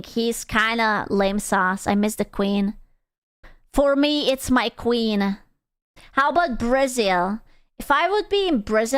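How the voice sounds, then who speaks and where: A young woman from Europe streams as a VTuber, chatting casually with her viewers in a slightly high, smooth voice. She's crude, teasing and playful, laughing often, and the audio is studio quality with no room sound.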